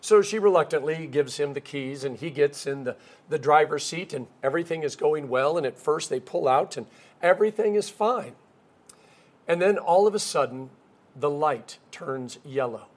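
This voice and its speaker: A pastor with a fairly high-pitched voice preaches a sermon at normal speed. Along the way he tells stories and acts out the characters he quotes.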